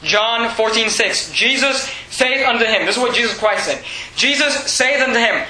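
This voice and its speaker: A male pastor preaching a sermon, swinging from shouted peaks to hushed, quiet lines. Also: extremely high pitch, lively intonation, normal speed, echoey room, rough recording.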